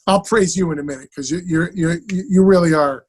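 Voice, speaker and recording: Animated male actor telling stories. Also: high voice, a little fast, husky. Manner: animated, acts out quoted dialogue. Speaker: actor guest. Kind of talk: casual storytelling interview.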